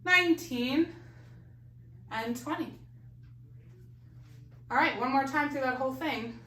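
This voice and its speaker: Slow-counting woman fitness instructor, echoey room. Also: high-pitched, fairly bright tone, recorded from a distance, slight background noise. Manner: counts reps slowly, coaching cues. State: a little out of breath. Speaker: balance exercise instructor. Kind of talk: live fitness class instruction.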